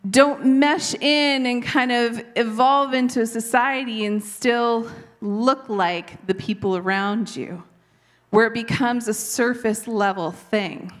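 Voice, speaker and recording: A woman in her thirties from Canada, with a light Canadian accent, giving an earnest, conversational devotional Bible teaching. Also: fairly high pitch. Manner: earnest, conversational, occasional laughs at herself.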